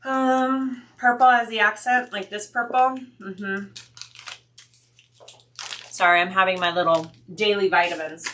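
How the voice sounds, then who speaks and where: Slow, bright-voiced woman sewing livestreamer. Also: medium pitch, fairly even intonation, a little hiss or hum. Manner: chatty, thinking aloud, reading viewer comments. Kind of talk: casual livestream chat with viewers.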